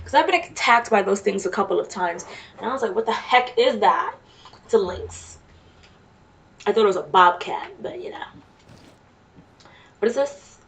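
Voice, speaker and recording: A woman's voice: fairly high pitch, fairly bright tone. A woman with a Jamaican accent giving casual, chatty commentary while playing a game. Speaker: let's play streamer. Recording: distant mic with faint noise.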